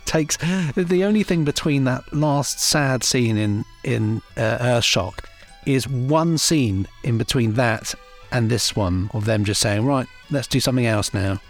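A man's voice: medium pitch, expressive, slow, hardly any pauses, soft background music. A man co-hosting a podcast in casual, chatty talk, full of fillers and easy laughter. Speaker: podcast co-host. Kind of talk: casual chat.

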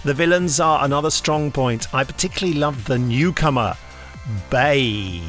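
A man's voice: medium pitch, moderate pace, fairly bright tone, soft background music. A man co-hosting a podcast, reading out listener reviews in a playful, giggly way and often breaking into laughter. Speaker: podcast co-host. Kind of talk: casual chat reading out reviews.

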